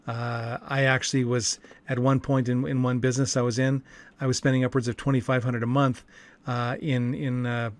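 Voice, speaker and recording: A man's voice: medium pitch, flat delivery, normal speed. A man coaching about network marketing in a rambling, casual way, with many fillers and restarts. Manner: rambling, frequent fillers and restarts, chuckles often. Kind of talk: casual talking-head monologue.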